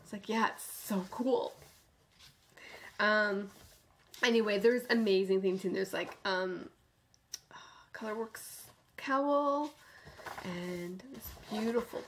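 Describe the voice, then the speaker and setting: Gravelly-voiced woman hosting a knitting show, gushy, goes all whispery a lot. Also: on the high side, a little hiss or hum. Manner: gushing and enthusiastic, often dropping to a soft near-whisper. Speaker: knitting podcast host. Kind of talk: casual chat.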